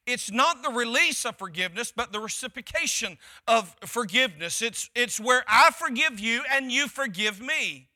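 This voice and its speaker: A pastor preaching to his congregation in a high, strikingly bright voice. He presses his points by repeating short phrases and letting his delivery climb. It is a man's voice, steady in sermon cadence. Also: moderate pace, few pauses.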